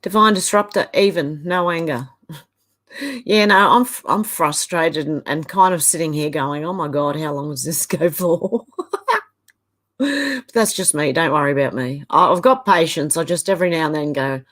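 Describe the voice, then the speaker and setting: Brief: Australian woman, middle-aged live-stream host, slightly low voice, loose chatty delivery with exasperated asides. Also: expressive, normal speed, fairly bright tone. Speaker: live-stream host reading chat comments. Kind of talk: casual live chat.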